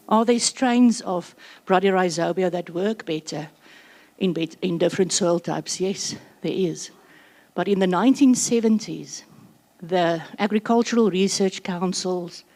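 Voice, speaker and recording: A South African woman giving a workshop presentation, chatty and slightly out of breath, with quick joking asides. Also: lowish voice, a little mellow. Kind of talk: conference presentation.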